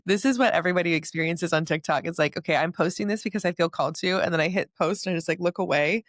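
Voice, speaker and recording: A woman's voice: on the low side, fast talker, no echo, clean studio sound. A young woman hosting a podcast interview, chatting casually and animatedly, often laughing. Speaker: podcast host.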